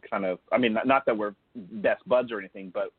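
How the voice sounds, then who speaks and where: Low-voiced rambling man on a tinny line. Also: brisk, husky, no echo. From San Francisco area. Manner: rambling, many fillers. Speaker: podcast co-host. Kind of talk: casual chat. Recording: dry tinny phone-like line.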